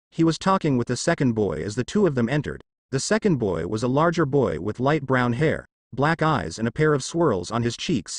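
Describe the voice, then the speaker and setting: A man's voice: medium pitch, dry recording. A man reading a fan fiction story aloud as narrator, voicing all the characters. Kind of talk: fanfiction audiobook narration.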